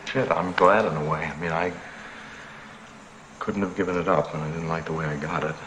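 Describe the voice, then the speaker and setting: A man's voice: deep voice, fairly even intonation, brisk, lightly acted. An actor playing an ambitious, spiteful male executive in film dialogue, urgent and bitter. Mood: smooth. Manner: urgent, pleading then bitter. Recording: film audio with ambient noise.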